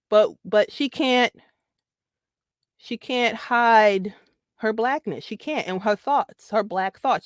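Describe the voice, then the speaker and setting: A woman's voice: mid-range voice, no echo, studio quality. A woman guest giving casual, emphatic commentary on a talk show. She repeats her points for stress and laughs easily. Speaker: podcast guest.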